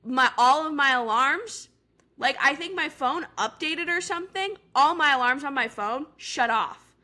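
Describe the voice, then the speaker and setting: A podcast co-host in her twenties tells a story in casual chat. Her voice sits a little high, with a forceful, bright edge. She talks in a chatty way and fills her sentences with "like.". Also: animated, a little slow. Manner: chatty, full of "like" fillers.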